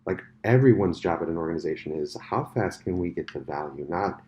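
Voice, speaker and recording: A middle-aged man hosting a podcast interview in a casual chat style, an animated storyteller with quick asides and restarts. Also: low-pitched, slight background noise. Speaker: podcast host. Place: conference venue.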